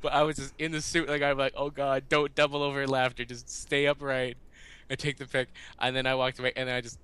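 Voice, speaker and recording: A man as a podcast guest, telling stories in a halting, animated way and acting out quotes in a raised voice. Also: medium pitch, clean tone. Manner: halting, often restarts. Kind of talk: casual storytelling in an interview.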